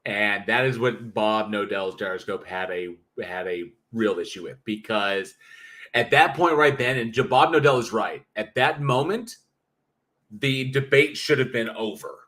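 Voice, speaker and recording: A man's voice: lowish voice, unhurried. Blunt, swearing male livestream host. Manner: blunt, profane, animated ranting. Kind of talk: casual livestream chat reading comments.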